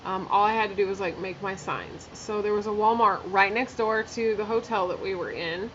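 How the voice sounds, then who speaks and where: A woman's voice: medium pitch, normal speed, fairly bright tone, lo-fi sound, a little hiss or hum. A woman telling a personal story in a casual vlog while doing her makeup, chatty and candid, full of fillers and blunt swearing. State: emotional, near tears. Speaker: vlogger.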